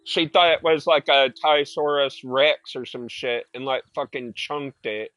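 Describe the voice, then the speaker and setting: A man's voice: medium pitch, fairly even intonation, normal speed, fairly bright tone, no echo. A young man streaming a game, telling rambling, profane stories in casual chat. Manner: rambling, profane storytelling with filler words. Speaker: gaming streamer. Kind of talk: casual chat while gaming.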